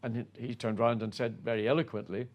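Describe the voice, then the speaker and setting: A man's voice: medium pitch, flat delivery, fast, highs cut off. An older man, a former racing driver, telling self-effacing stories from his career as a guest. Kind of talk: reminiscing anecdote.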